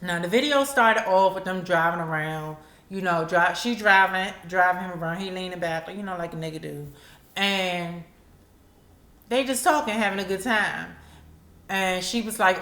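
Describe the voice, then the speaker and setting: A woman host talks in loose, candid commentary, her voice sitting at a middle pitch. The sound bounces around an echoey room. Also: moderate pace, fairly bright tone. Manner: candid, conversational, acts out quotes. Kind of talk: casual commentary.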